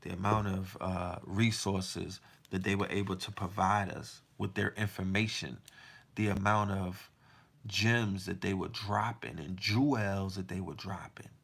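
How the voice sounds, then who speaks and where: A man with a low, gravelly voice holds forth in a heated, casual monologue. He fires off one rhetorical question after another and swears freely as he presses his point. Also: fairly even intonation, measured pace, fairly bright tone. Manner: emphatic and profane, firing rhetorical questions. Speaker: podcast host.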